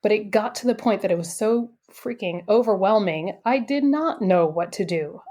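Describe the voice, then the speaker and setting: A woman guest on a podcast telling a personal story in an animated, chatty way, full of "like" and "you know". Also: medium pitch, normal speed. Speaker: podcast guest, intuitive coach.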